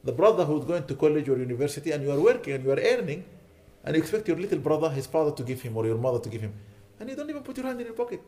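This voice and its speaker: A man's voice: fairly high pitch, very animated, rapid-fire, hardly any pauses, warm tone. A man giving an earnest sermon, pleading with his listeners and rising to indignant emphasis. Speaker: imam.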